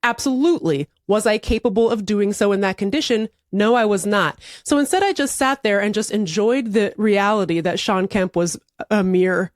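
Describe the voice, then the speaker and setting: Podcast co-host, woman in her 40s, animated comic teller, dry close sound, mid voice. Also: mid-range voice, moderate pace, few pauses, no room sound. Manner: animated, laughs through her own stories. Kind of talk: casual chat, comic storytelling.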